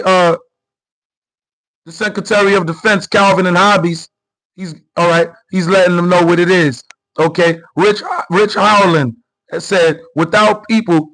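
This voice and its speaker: High-voiced, fired-up New man. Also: poor audio. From New York. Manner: animated, repetitive, slangy and confrontational. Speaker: political commentary host. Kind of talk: unscripted political commentary.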